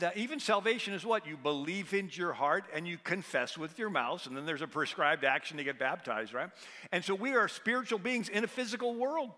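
A man's voice: high-pitched, bright, forceful tone, long reverb tail. A man giving a preaching talk, telling stories with emphasis and acting out the people he quotes. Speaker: guest speaker.

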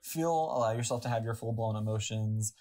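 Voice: mid-range voice, brisk, warm tone. A podcast co-host in casual chat, talking reflectively and giving advice with many loose fillers.

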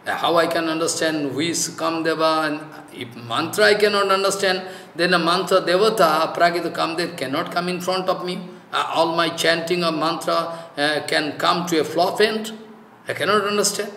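Male preacher, halting and filler-heavy, bright tone, recorded in an echoey room. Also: fairly high pitch, fairly even intonation, slight background noise. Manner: halting, many "you know" fillers, broken English. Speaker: spiritual teacher. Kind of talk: devotional sermon.

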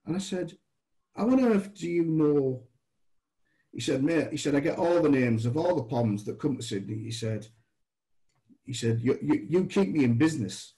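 A man from England chats as a podcast guest, telling long anecdotes and putting on voices for the people in them. His voice is warm and mellow. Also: medium pitch, normal speed, low-quality recording. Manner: animated storyteller, acts out dialogue. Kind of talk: anecdotal storytelling.

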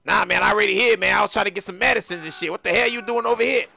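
A man bantering loudly in street slang as he role-plays a boastful character during a video game. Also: high voice, very fast, creaky. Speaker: gamer in role-play.

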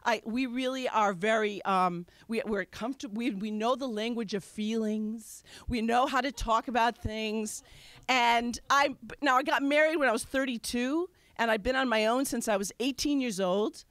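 A woman's voice: a little high, moderate pace, fairly bright tone, no echo. A woman from Wisconsin telling a personal story on stage in a candid, conversational and self-mocking way. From Wisconsin, USA. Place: stage at a live storytelling show.

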